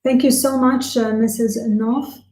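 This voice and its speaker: A woman interpreting a webinar live, in a halting delivery full of filler sounds and restarts. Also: a little high, steady tone, mellow, reverberant, poor audio. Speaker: simultaneous interpreter.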